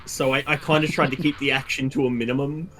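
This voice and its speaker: A man's voice: medium pitch, steady tone, a bit bright, faint music behind. A man co-commenting on a friend's video, upbeat and enthusiastic in casual chat. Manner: upbeat, enthusiastic, quick to laugh along. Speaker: co-commentator and writer.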